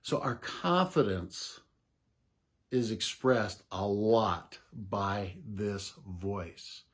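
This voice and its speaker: A middle-aged man giving unhurried, casual advice to camera as a voice coach, explaining with soft laughs. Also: on the low side, breathy edge.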